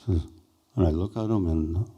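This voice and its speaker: An older man slowly and haltingly recounting a personal experience as a speaker at a conference. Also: low voice, husky, muffled recording. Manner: slow, halting, reflective. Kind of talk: personal storytelling.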